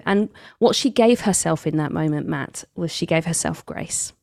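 A middle-aged woman from England, an author telling stories in a conversational interview, lively and quoting others with big pitch jumps. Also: normal speed, creaky, hardly any pauses, dry recording, studio quality. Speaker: author and guest.

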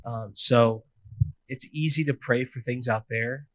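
A man in his thirties preaches in a relaxed, conversational way. He slips into playful asides. His voice sits at an ordinary middle pitch. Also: measured pace, rough recording. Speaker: pastor. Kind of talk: sermon.

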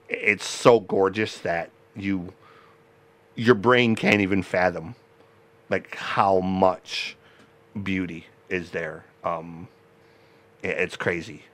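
A man hosting a podcast, talking in a rambling, halting way with many restarts and frequent laughter. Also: low voice, fairly bright tone. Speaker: podcast host. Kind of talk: casual interview chat.

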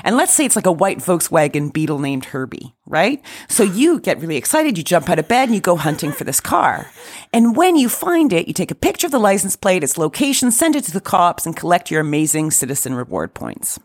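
A woman's voice: fairly low pitch, very animated, brisk, breathy edge. A woman co-hosting a casual chat, who explains things step by step and laughs often. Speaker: podcast co-host.

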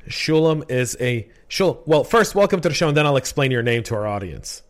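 A man's voice: mid-range voice, expressive, brisk. Chatty rambling male podcast host. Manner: chatty, rambling, repeats words. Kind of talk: casual podcast interview.

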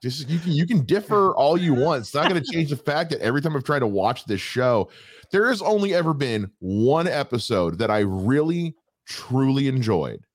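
A man's voice: medium pitch, big pitch swings, normal speed, no room sound, studio quality. A young adult man co-hosting a podcast, chatting casually with a wry, rambling manner and many restarts. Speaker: podcast co-host. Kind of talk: casual chat.

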